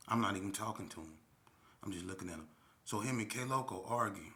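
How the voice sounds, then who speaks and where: A low-voiced man tells a story in loose, slangy street talk. He keeps checking in with the listener as he goes and speaks in a plain, unhurried way. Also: fairly bright tone. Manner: slangy, street talk with frequent "you know what I'm saying". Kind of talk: casual storytelling.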